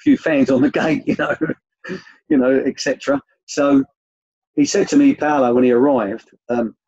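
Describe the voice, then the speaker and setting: An older man, once a youth coach, tells rambling anecdotes with many restarts in a relaxed interview. His voice is medium-pitched and slightly rough at a moderate pace, recorded with no echo but with the highs cut off.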